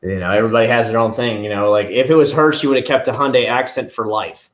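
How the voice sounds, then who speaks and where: A man chats casually on a live stream from his living room at home. He rambles from point to point and answers his viewers as he goes. His voice sits in a plain middle pitch. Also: steady tone, quick pace. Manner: rambling, chatty, answering chat.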